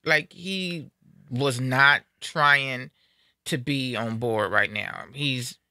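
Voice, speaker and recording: Middle-aged lady hosting a live show, bright voice, playful and upbeat. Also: very deep voice, drawn-out words, no room sound, clean studio sound. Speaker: radio show host. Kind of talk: casual live show chat.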